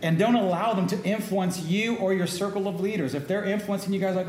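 A man's voice: high voice, fairly quick, darkish tone. A middle-aged man preaching a sermon as pastor, talking in a loose conversational way and calling out to the congregation for responses. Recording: echoey room with faint ambience.

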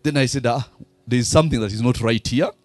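A man's voice: mid-range voice, fast talker, a little mellow, dry recording, faint music behind. A man with a Ugandan accent preaching a sermon, throwing fill-in questions to the congregation. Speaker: pastor.

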